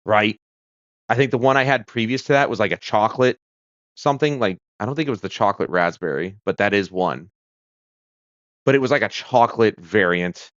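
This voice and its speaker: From a home room with a kitchen corner, a low-voiced American man hosts a casual livestream, drifting between points with lots of fillers and self-corrections. He's animated and a little fast, with long pauses and a bit of brightness. The dry, echo-free audio sounds a little dull, like a home streaming setup.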